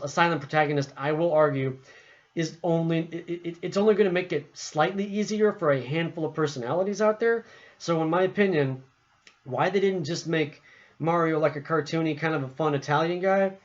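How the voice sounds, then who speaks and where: A man giving a casual opinion monologue about a video game, rambling with frequent restarts and fillers. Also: fairly high pitch. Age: adult. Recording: muffled lo-fi recording.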